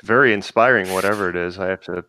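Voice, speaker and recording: A man's voice: sits low, fast talker, noisy background. A man co-hosting a podcast, speaking casually and hesitantly, searching for words. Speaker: podcast co-host. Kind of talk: casual chat.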